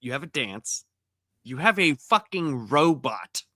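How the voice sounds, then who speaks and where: A man on a casual panel. He tells stories in a lively, profane way and laughs as he goes. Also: medium pitch, unhurried, no echo. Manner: animated, profane, laughs while telling stories.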